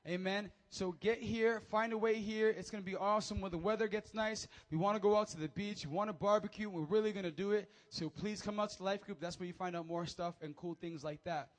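A young man, a youth pastor, giving energetic, joking announcements and preaching to teens, often calling for amens. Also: high-pitched, brisk, hardly any pauses.

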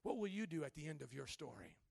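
A young man preaching a dramatic sermon who swings from hushed tones to loud outbursts and acts out biblical figures in a chatty voice. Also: fairly high pitch, very animated, fast, creaky, breathy edge, no room sound. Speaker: pastor.

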